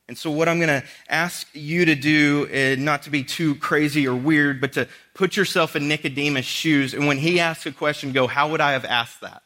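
A man's voice: fairly high pitch, sharp tone. A man preaching a sermon in a conversational way, acting out bits of dialogue with casual asides. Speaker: pastor.

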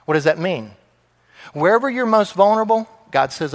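An older man preaches in a lively, conversational way, and his voice sits high for a man. He plays out the words of the people and of God in his stories. The sound rings with the long reverb of a church sanctuary. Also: moderate pace. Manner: animated, folksy preacher voicing God and characters in quotes. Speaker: pastor. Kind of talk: sermon.

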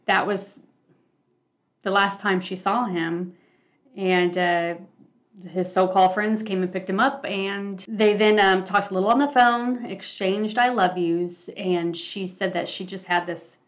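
A woman's voice: lowish voice, normal speed. A woman hosting a true-crime podcast, recapping events casually with frequent fillers. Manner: relaxed, filler-heavy retelling. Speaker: podcast host.

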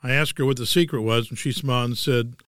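A man's voice: medium pitch, fairly even intonation, fast talker, a bit bright, clear, resonant tone, dry recording. A man in his sixties with a Texan accent, hosting a scripted monologue with dry, wry humor. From Texas. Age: 60s. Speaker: host.

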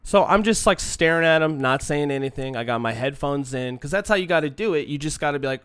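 Brief: casual, profane anecdote teller with a lively, swinging delivery, shifting from mutters to outbursts, recorded dry and close. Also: medium pitch, fast, hardly any pauses, clear, resonant tone, dry recording. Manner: profane, swings between quiet muttering and loud exasperated outbursts. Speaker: storyteller.

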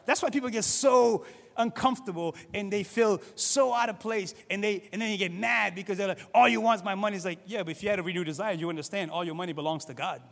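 Middle-aged male pastor, high voice, lively conversational sermon, long hall reverb. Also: fast, gravelly. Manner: conversational, animated, acts out quoted voices.

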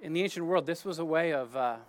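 A man's voice: a little high, quick pace. Man teaching casually in his garden. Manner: conversational, restarts often, asks "right?". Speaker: teacher of a Bible talk. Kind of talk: casual spoken Bible teaching.

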